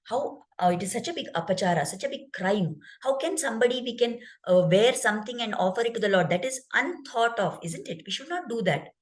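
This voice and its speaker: A woman's voice: fairly high pitch, expressive, a little fast, hardly any pauses, natural voice. A woman voicing a scandalized old priest. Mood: indignant. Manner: indignant scolding. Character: scandalized elderly male temple priest father.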